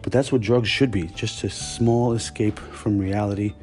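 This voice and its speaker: A man's voice: on the low side, steady tone, moderate pace, a little mellow, soft background music. A man hosting a podcast, telling stories in a casual, blunt and profane monologue. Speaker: podcast host.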